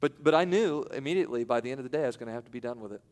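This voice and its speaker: Guy preaching a sermon, chatty then suddenly loud and punchy, long echo like a big hall. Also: medium pitch, very fast. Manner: swings from loud emphatic peaks to quiet asides; conversational, with self-interruptions and light laughs. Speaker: pastor.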